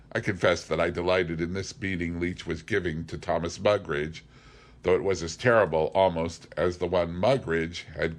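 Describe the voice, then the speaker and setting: Low-voiced man reading a classic novel. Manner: measured, deliberate reading with occasional slips. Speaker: audiobook reader. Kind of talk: scripted narration of a classic novel.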